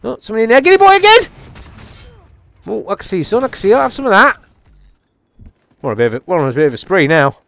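A man giving live gameplay commentary, excitable and taunting his opponents, dropping to mutters and jumping to yelps. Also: high-pitched, racing, creaky, pauses often. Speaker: gamer.

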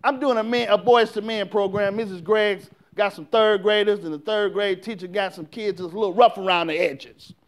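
A man. He works in call-and-response, swinging from quiet talk to full shouts. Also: high-pitched, fairly even intonation, moderate pace, hardly any pauses. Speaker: pastor. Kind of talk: sermon.

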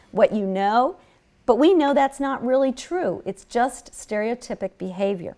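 A woman's voice: medium pitch, a little mellow. A woman speaking at a public health seminar, telling stories from clinic work in an earnest way with frequent restarts. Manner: earnest storytelling with many restarts. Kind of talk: seminar lecture.

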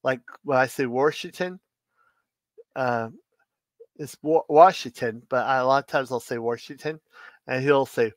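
A man hosting a casual livestream, chatting in a rambling, halting way with many restarts, who says Washington with an R in it. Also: mid-range voice, dry recording. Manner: puts an R in Washington. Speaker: livestream host.

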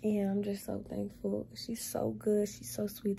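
Young woman vlogging casually, low mellow voice with a gravelly edge, doting on her kitty. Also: monotone, normal speed, a little hiss or hum. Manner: chatty, doting, talks baby talk to her cat. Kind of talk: casual vlog chat.

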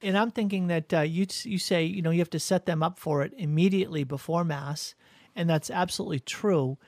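A father co-hosting a talk about parenting, measured and thoughtful. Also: a little high, darkish tone, no echo, clean studio sound. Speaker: podcast co-host, father. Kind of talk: casual conversation on parenting.

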